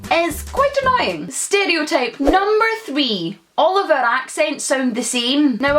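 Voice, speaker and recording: A woman's voice: high-pitched, fairly bright tone. A Scottish woman in her twenties, vlogging in a sarcastic, exasperated, emphatic way. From Scotland. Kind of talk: casual ranting vlog.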